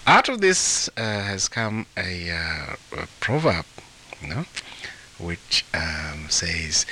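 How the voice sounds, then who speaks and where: Animated male storyteller from Africa, lively and chuckling. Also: deep voice, slow, a little hiss or hum. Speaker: author and translator of folktales. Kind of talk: storytelling in an interview.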